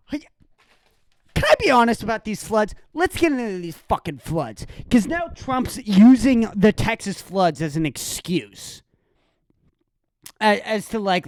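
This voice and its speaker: A woman's voice: mid-range voice, a little mellow, no room sound. A woman hosting a solo podcast, ranting in a heated, sarcastic and profane way. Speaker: podcast host.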